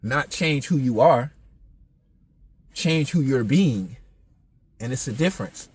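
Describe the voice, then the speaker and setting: A man's voice: mid-range voice, expressive, takes it slowly, darkish tone, husky. A man, talking in a casual, blunt, profane monologue full of street slang. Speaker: podcast host.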